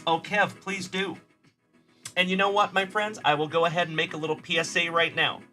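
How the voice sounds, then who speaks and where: A man's voice: a little high, fairly even intonation, fairly quick, bright, forceful tone, soft background music. A man hosting a card-breaking livestream, chatting in a friendly, upbeat way with viewers and calling them buddy and brother. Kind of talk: live stream chat, reading viewer comments.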